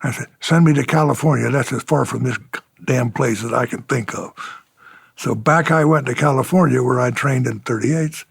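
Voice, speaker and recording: A man's voice: mid-range voice, normal speed, creaky, husky, no echo. An older man, a retired fighter pilot, telling war stories in an oral history interview, chuckling and acting out the exchanges he quotes.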